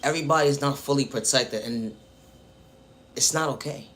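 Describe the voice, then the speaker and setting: Against a noisy background, a man with a mid-range voice talks at normal speed to the viewer. As a spiritual vlogger, he preaches about faith and self-worth, returning repeatedly to familiar refrains.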